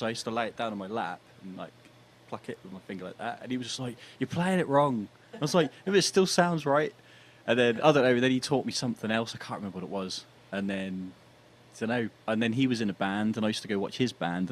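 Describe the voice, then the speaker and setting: A young British man talking as a guest musician in a casual podcast chat, easygoing and quick to laugh. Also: fairly low pitch, slight background noise. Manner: chatty, laughs easily.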